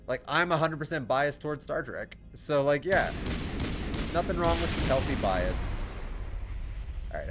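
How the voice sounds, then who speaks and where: A man's voice: medium pitch, fairly bright tone. A man with an American accent giving casual, rambling commentary while playing a game, laughing often. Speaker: gaming streamer. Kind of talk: casual let's play commentary. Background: game music.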